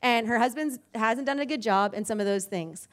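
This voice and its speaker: A woman's voice: on the high side, moderate pace, fairly bright tone. A woman telling a faith-based story in a casual, rambling way, full of fillers and self-corrections, acting out the quoted voices.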